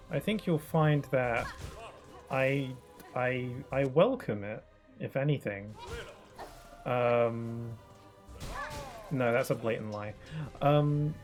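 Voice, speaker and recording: A male streamer talks over his gameplay in a middle-pitched voice, swinging between theatrical griping and mock serenity. Game music plays clearly behind him. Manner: jokey, mock-dramatic, self-mocking. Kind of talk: live gameplay commentary.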